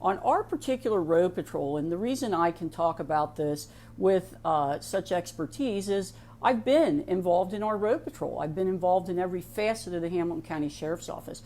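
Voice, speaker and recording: A middle-aged woman with an Ohio accent talks in a loose, conversational way. Her voice sits a little low, and she keeps slipping in "you know" asides and restarting her sentences as she speaks on a program. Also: animated, normal speed, few pauses, mellow, slight background noise. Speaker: sheriff's office veteran speaking on a program. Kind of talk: casual monologue with a personal story.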